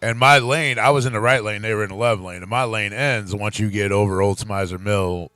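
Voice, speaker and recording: A man's voice: on the low side, brisk, clean tone, no echo, soft background music. Brief: St. man, chatty talk-show co-host, cusses freely and acts out his stories, dry close sound. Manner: profane, animated storyteller acting out quotes. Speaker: podcast co-host. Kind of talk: casual chat, storytelling.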